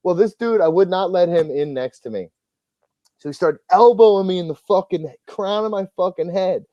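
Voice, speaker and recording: A profane, rambling man hosting a casual podcast, his voice sitting fairly high for a man but with a mellow, dark tone. The sound is dry and a little dull and lo-fi. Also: normal speed, no room sound. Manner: profane, rambling storyteller, animated quoting. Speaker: podcast host.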